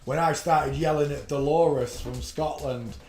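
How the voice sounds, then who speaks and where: A man's voice: fairly high pitch, steady tone, measured pace, darkish tone. A man hosting a live stream, chatting and bantering casually. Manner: jokey banter, talks to his dog. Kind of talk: casual chat. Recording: echoey room with faint noise.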